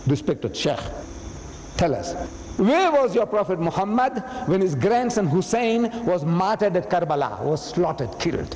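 A man's voice: high-pitched, big pitch swings, measured pace, a little mellow, big-room sound, a little hiss or hum, poor audio. A man voicing a pushy, taunting male cleric who keeps demanding answers from a debate opponent. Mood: goading. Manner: insistent, goading, repeating demands.

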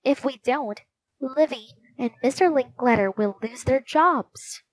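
A woman voices a sharp, eager girl sleuth from a storybook, lifting her voice a touch higher. The delivery is unhurried, and the sound is dry and close. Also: dry recording. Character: quick-witted young girl detective.

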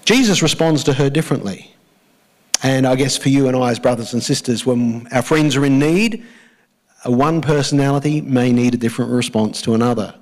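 An Australian man preaching a church sermon as pastor, speaking emphatically, slowing down and repeating key phrases, and leading the congregation in saying lines back. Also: mid-range voice, low-quality recording.

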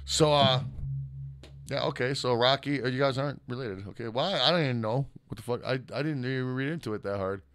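A man's voice: mid-range voice, a little fast, noisy background. Man, American accent, podcast co-host, casual profane chat, reads listener comments. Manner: profane, rambling, laughs a lot.

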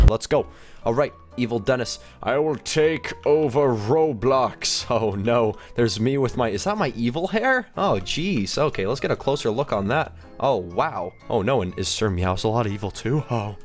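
An excitable, jokey man giving let's-play commentary on a game as its host, gasping and squealing as he plays, over faint background music. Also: fairly high pitch. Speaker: gaming video host.

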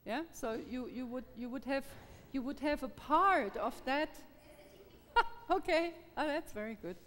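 Halting high-voiced woman teacher in a hall. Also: lively intonation, a bit bright. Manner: halting, repeats words, laughs often, encouraging. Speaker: Feldenkrais trainer. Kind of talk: live workshop teaching through an interpreter. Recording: reverberant hall.

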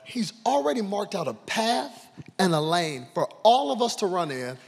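A man preaching an energetic sermon as pastor, with shouted lines and call-and-response. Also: high-pitched, normal speed, vocal fry. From Texas. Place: large church hall. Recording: reverberant church hall.

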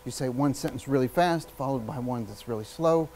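A man's voice: mid-range voice, a little hiss or hum, rough recording. Emphatic man teaching public speaking. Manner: energetic, emphatic, varies speed and volume with long pauses. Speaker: public speaking workshop presenter. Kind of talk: live workshop talk. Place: workshop room with an audience.

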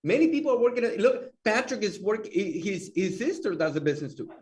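A man's voice: high voice, fairly quick, far from the mic. A man co-hosting a podcast, talking earnestly and repeating himself as he restarts phrases. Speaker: guest co-host. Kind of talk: casual chat.

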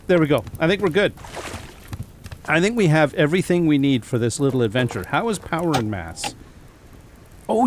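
Male let's-play host, lively up-and-down delivery, chatty, chuckles a lot, counts things under his breath. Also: medium pitch, a little hiss or hum. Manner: chatty, thinks aloud and counts items aloud; chuckles often at his own mishaps. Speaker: gameplay commentator. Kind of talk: casual let's-play commentary.

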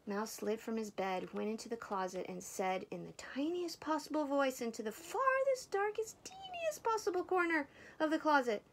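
An older woman reading a picture book aloud, expressive and dropping into soft whispers. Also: a little high, moderate pace, hardly any pauses, background noise. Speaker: storybook reader.

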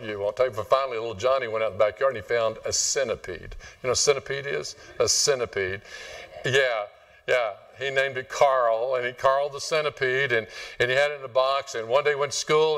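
A man's voice: medium pitch, a bit bright, recorded from a distance. A man preaching a sermon to his congregation in a conversational, joking way. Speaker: pastor. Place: church sanctuary.

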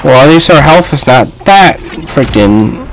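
A man giving loose, excitable gameplay commentary, trash-talking and yelling at his opponent on screen. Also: a little high, a little slow, faint music behind, low-quality recording. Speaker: gaming video host.

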